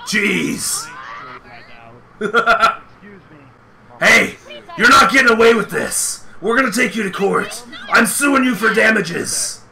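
Man doing a loud, brawny warrior with a high, gravelly shout and a sharp edge, role-play banter. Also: slow pace, long pauses, exaggerated voice. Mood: indignant. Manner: shouting, laughing, indignant. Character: hulking brawny male warrior, loud and hot-headed. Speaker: streamer. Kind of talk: comedic voice chat role-play.

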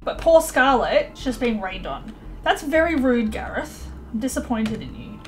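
A young woman casually commentating her life-sim gameplay, excitable and chatty, voicing her characters in quick asides. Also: a little high, faint music behind. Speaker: let's play host.

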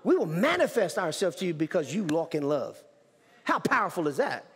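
Emphatic preacher with lively high pitch. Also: male voice, brisk, husky. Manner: emphatic preaching with repetitions and restarts. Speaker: pastor. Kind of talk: sermon. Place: church sanctuary. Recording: church hall reverb.

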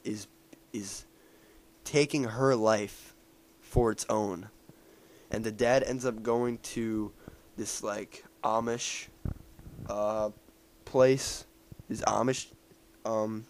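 Male reviewer, casual and rambling, full of fillers and restarts, mid pitch. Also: vocal fry. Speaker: movie reviewer. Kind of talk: casual spoken movie recap.

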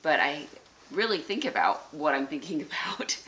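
An earnest, encouraging woman co-hosting a devotional church talk. Her voice sits low for a woman, yet it has a bright, crisp edge. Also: very animated, normal speed, rough recording. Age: adult with children. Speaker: co-host.

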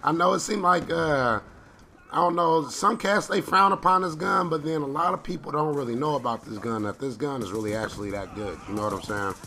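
A man's voice: a little high, brisk, bright, forceful tone, slight background noise. A young man casually commenting over his own gameplay in a loose, slangy way, often asking "you know what I'm saying". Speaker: gaming commentator.

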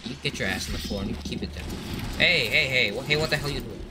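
Young male gamer, mid-pitched, rambling and excitable, noisy game audio underneath. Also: fast. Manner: excitable, rambling, frequent outbursts. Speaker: gaming commentator. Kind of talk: casual gameplay commentary.

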